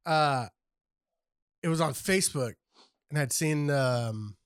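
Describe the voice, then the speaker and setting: A man's voice: fairly high pitch, slow, clean tone, dry recording, studio quality. A man co-hosting a casual podcast, ranting with lots of profanity. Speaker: podcast co-host.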